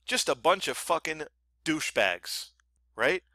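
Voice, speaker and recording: A man's voice: mid-range voice, lively intonation, normal speed, sharp tone, dry recording. A man giving a screen-share trading tutorial in a blunt, profane, emphatic way, sounding annoyed and often asking "right?" to check that the viewer follows. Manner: keeps asking "right?" for agreement. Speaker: trading educator.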